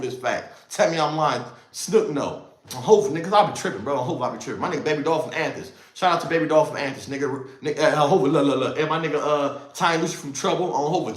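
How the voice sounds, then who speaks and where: Animated Los man, echoey room. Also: a little high. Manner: animated street slang, emphatic oaths, swings loud and quiet. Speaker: livestream host telling a story. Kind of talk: casual storytelling on a livestream.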